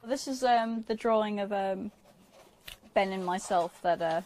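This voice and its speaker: A woman's voice: mid-range voice, a little slow, a little mellow, slight background noise, low-quality recording. A woman being interviewed for a documentary, speaking earnestly and hesitantly with frequent fillers.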